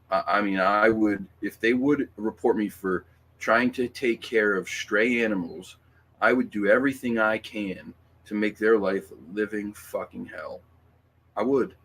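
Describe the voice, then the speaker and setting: A man's voice: fairly low pitch, fairly bright tone. A man hosting a casual livestream, reading viewer comments and talking in a rambling, emphatic way with lots of fillers, restarts and swearing.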